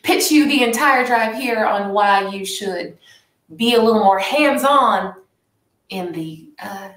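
A woman's voice: mid-range voice, takes it slowly, fairly bright tone. A woman playing a tabletop game, joking and laughing as she talks. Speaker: player. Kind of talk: casual tabletop play. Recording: roomy, from a distance.

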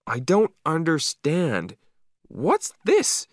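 A man voicing a young male dog in a storybook reading for English learners, high, squeaky and drawn out. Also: huge pitch swings, drawn-out words, no echo, clean studio sound, heavily acted. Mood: puzzled. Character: eager young male dog, pleading and puzzled.

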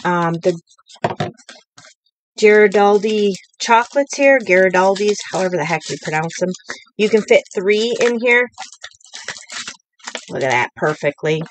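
A woman's voice: on the low side, animated, moderate pace, long pauses, a little hiss or hum. A woman hosting a live-streamed craft tutorial from a home craft table, talking in a chatty, rambling way with many fillers. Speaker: craft demonstrator.

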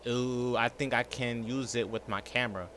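Brief: man, 30s, gaming host, joking and slangy, forceful bright voice. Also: medium pitch, fairly even intonation, moderate pace, a little hiss or hum. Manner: hyped, slangy, joking, talks to viewers as y'all. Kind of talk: let's play horror commentary.

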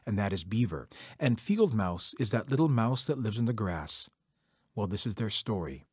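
Husky-voiced male storyteller. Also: lowish voice, big pitch swings, normal speed, dry recording, studio quality. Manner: warm, conversational, addresses listeners directly. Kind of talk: oral folk storytelling for children.

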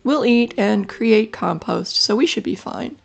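Woman doing a relaxed teenage boy botanist. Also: medium pitch, unhurried, creaky. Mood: easygoing. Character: easygoing thirteen-year-old boy botanist.

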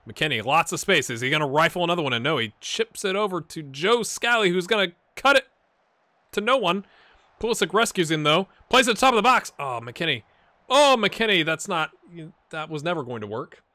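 A fairly high, bright-voiced man talks through a football video game as he plays. His pitch leaps around as he swings from eager cheering to low asides, with dry, self-mocking jokes along the way. The sound is close and dry. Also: moderate pace, no echo. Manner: excitable, swings between loud cheering and quiet muttering. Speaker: gaming channel host. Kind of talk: casual gameplay commentary.

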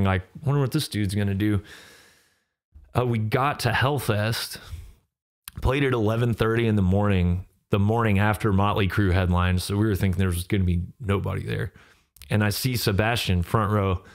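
Relaxed man with a smooth, lowish voice. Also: moderate pace. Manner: relaxed, rambling, with frequent fillers and laughs. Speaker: podcast host and musician. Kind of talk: casual solo podcast talk.

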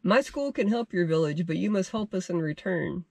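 A man voicing a big, wise male bass fish who makes measured, solemn offers in a told fishing tale. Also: animated, creaky, a little mellow, no echo, heavily acted.

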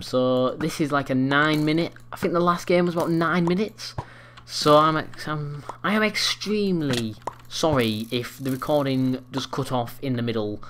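A young man commentating his own game, rambling and swearing, breaking into angry yells. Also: medium pitch, normal speed, slight background noise. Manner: swears a lot, rambling, bursts into angry yelling. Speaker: gaming commentator. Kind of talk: live gameplay commentary. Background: faint keyboard clicks and typing.

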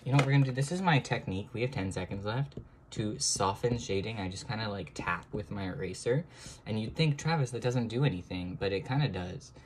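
A young man chatting casually to viewers as he draws, self-mocking, now and then breaking into high excited exclamations. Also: fairly quick, a little hiss or hum. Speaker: drawing vlogger. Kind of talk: casual chat while drawing.

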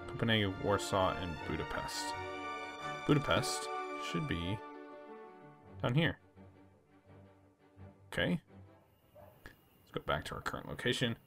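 Gravelly, lively man narrating gameplay. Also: fairly low pitch, unhurried, long pauses, over music. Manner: relaxed, reads story text then chats about choices. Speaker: let's play host. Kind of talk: casual gameplay commentary reading game text aloud.

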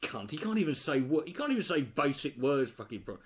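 A man's voice: a little high, very animated, fairly quick. A man giving sweary, mocking reaction commentary on a video. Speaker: commentary host.

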